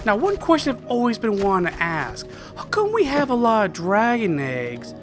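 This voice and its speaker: An enthusiastic man gives chatty commentary while playing a video game, talking directly to his viewers. His voice sits a little high, and clear game music plays beneath him. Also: huge pitch swings, normal speed, hardly any pauses. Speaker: let's-play host.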